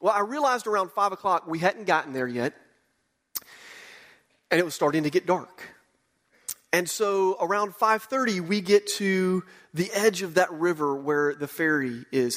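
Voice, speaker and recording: A man, preaching a sermon and telling a lively mission-trip story. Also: moderate pace. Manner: animated storyteller, voices quotes with rising pitch. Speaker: pastor.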